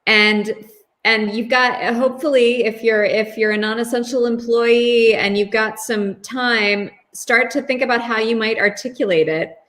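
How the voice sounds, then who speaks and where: Unhurried woman host on a livestream. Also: fairly high pitch, fairly even intonation, fairly bright tone. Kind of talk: casual livestream interview. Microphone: video call.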